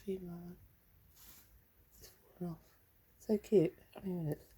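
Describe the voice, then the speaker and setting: A woman vlogger in a rambling casual monologue, chuckling often and bickering with herself, with a gravelly voice. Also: fairly low pitch, fairly even intonation, moderate pace, mellow.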